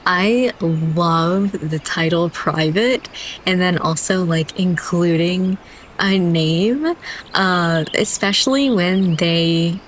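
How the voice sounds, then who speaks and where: A woman's voice: lowish voice, takes it slowly, slight background noise. A young woman streaming a video game, chatting casually and breaking into giggles. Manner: giggly, easily cracks up, chatty asides.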